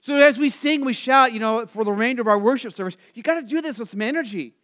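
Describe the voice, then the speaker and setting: A male pastor with a strikingly high, smooth and resonant voice delivers a sermon. He talks to the congregation casually, dropping "you know" often, and pushes into bursts of excited energy. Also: fast talker. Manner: conversational, lots of "you know" asides; rises to excited, energetic emphasis. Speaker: Lutheran pastor.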